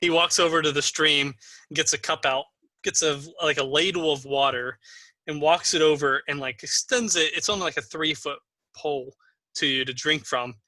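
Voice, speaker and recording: A man's voice: on the high side, moderate pace, pushed and bright, no echo. A man narrating a tabletop game as game master, casual and laughing easily.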